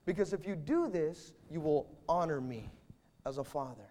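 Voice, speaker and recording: A man preaching a sermon to fathers, emphatic, with sudden swings between loud declarations and quiet asides. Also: a little high, lively intonation, normal speed.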